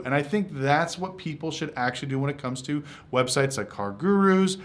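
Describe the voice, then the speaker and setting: Man, fairly high voice, blunt channel host who acts out customer calls. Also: animated, a little fast. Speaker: car sales consultant and channel host. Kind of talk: casual talk to camera.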